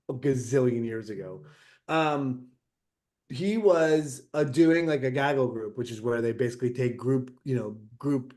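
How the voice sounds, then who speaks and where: Animated storytelling man. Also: medium pitch. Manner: animated anecdote-telling with acted-out quotes. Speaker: interview guest, actor. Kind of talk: casual storytelling interview.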